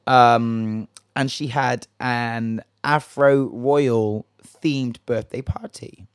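A man's voice: mid-range voice, fairly even intonation, very slow, clear, resonant tone, dry recording, studio quality. A man hosting a casual solo gossip podcast, chatty and jokey, swearing and rambling, a little tipsy. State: a bit tipsy. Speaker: podcast host.

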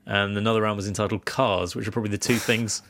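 A man's voice: fairly low pitch, fairly even intonation, quick pace, a bit bright, a little hiss or hum. A man from Guernsey co-hosting a podcast, chatting casually with dry, wry teasing humor. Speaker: podcast co-host. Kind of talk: casual chat.

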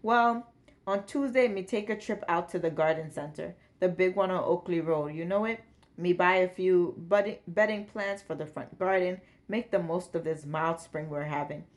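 A woman puts on a jovial elderly Jamaican man who has lived in England for decades, teasing his daughter in patois-tinged phrasing. His voice sits a touch low and carries a good-humoured chuckle throughout a read-aloud story. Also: normal speed, natural voice. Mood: cheerful.

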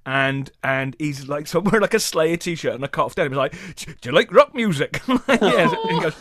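A man, a comedy podcast guest, telling an animated, chatty story and laughing as he talks. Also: on the high side, quick pace, no room sound, clean studio sound.

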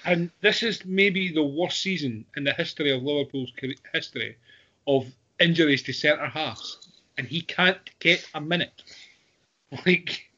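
A man's voice: a little high, normal speed, pushed and bright. A man hosting a football podcast, jokey and loose, often laughing as he talks. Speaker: podcast host. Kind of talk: casual football chat. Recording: muffled lo-fi audio with faint noise.

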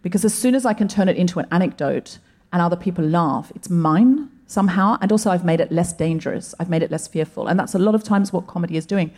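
A woman co-host speaks in a lowish, mellow voice during a live comedy podcast. She tells her stories earnestly and reflectively to the theatre audience. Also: quick pace.

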